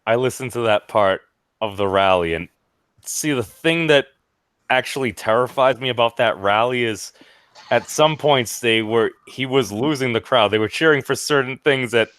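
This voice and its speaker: A man's voice: medium pitch, moderate pace, a bit bright, clean tone, no echo. A man hosting a livestream in casual banter, rambling with many stammering restarts.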